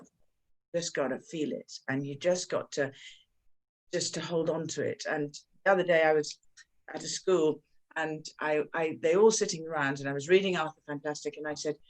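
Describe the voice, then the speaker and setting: Woman, children's author, effusive, animated, halting fillers, low-pitched. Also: low-quality recording. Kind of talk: book launch interview.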